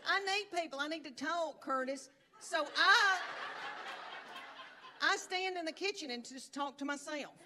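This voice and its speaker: A woman's voice: high voice, unhurried, pauses often. A middle-aged woman doing stand-up comedy, telling stories in a chatty drawl and acting out quotes. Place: stage before a live audience. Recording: live show with loud crowd. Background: audience laughter.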